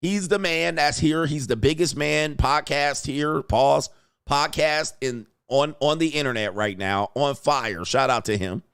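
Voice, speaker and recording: A man's voice: fairly high pitch, a little slow, creaky, fairly bright tone, clear, resonant tone, dry recording, studio quality. A man hosting a casual reaction commentary, slangy and often laughing and exclaiming. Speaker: commentary channel host.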